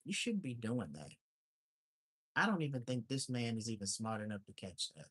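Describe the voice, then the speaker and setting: A man's voice: mid-range voice, sing-song, moderate pace, fairly bright tone, slightly rough. A man on a casual livestream, ranting bluntly and swearing as he repeats his complaints and reads out viewer names. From lives in Alaska. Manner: repetitive and exasperated.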